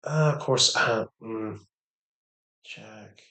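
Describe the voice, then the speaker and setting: A man casually commenting on his own online poker game, thinking aloud with many hesitations and low mutters. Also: drawn-out words, gravelly, bright, forceful tone, echoey room. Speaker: poker streamer.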